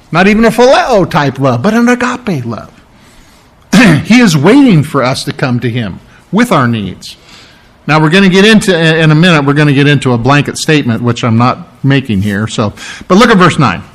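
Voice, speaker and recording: A man's voice: a little high, very animated, moderate pace, fairly bright tone. A male pastor preaching a conversational, emphatic sermon, often asking rhetorical questions.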